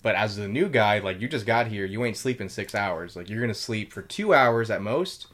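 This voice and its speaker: A man's voice: lowish voice, lively intonation, a bit bright. A young man telling war stories in a casual chat, loose and full of fillers and swearing. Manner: swears a lot, quick and loose with many fillers. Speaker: podcast host telling military stories.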